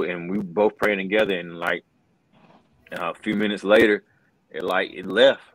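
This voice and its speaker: A man's voice: fairly low pitch, fairly even intonation, normal speed, a bit bright, no room sound, poor audio. A middle-aged man, a wrestling commentator, telling a story in an earnest, loose way, often saying "bro" and "man". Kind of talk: casual interview storytelling.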